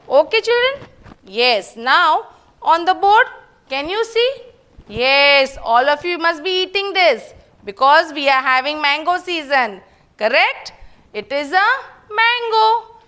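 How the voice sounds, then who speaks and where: A middle-aged woman with an Indian English accent teaches an online kindergarten class, her high voice sharp, slow, and swinging widely in pitch. She coaxes the young children along and answers her own questions in a sing-song manner.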